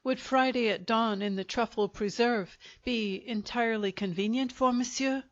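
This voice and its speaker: A woman's voice: a little high, moderate pace, no echo, lightly acted. A woman voicing a pompous middle-aged male town butcher acting as a formal second, on a dull lo-fi recording.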